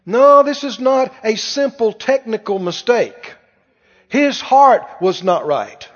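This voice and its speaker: A man preaching a sermon, animated and full of rhetorical questions to the congregation. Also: very high voice, slow. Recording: muffled sound with long hall reverb.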